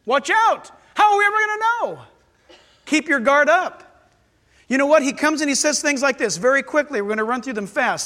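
A male pastor preaching an animated sermon in a church, acting out voices and swinging between loud and soft. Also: extremely high pitch. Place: church sanctuary. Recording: long church hall reverb.

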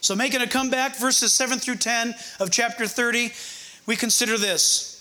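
An older male pastor preaching a conversational, humorous sermon, slowing down to read verses with emphasis. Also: very high voice, fairly even intonation, bright, forceful tone.

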